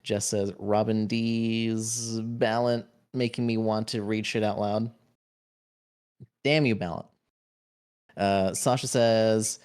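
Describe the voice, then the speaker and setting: A man's voice: on the low side, a little mellow, clear, resonant tone. A man streaming a game, casually reading viewers' chat messages aloud and adding playful, jokey asides. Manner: playful, jokey asides between read-outs.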